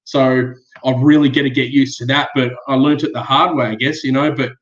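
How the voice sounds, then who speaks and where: A man's voice: mid-range voice, steady tone, fairly quick. Australian man, easygoing, chatty, roomy echo, dull lo-fi sound. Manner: easygoing, laughs often. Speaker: guest. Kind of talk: casual chat. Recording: echoey, muffled remote audio.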